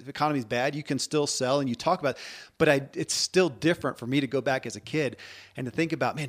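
A man in his forties hosting a podcast, talking in an earnest, conversational way with frequent restarts. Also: on the high side. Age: 40s. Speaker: podcast host. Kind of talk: podcast monologue and interview.

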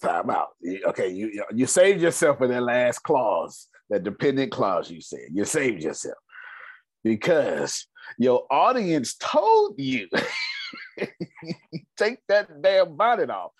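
Lively, laughing male coach. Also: mid-range voice, slow, husky, no room sound. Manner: lively, playful, laughs often. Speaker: host of a finance coaching call. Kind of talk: coaching group discussion.

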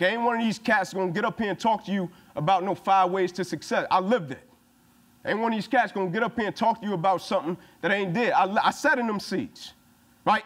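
A man's voice: sits high, fairly bright tone. A man giving a punchy, emphatic motivational speech to a football team, repeating his phrases for emphasis. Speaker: motivational speaker.

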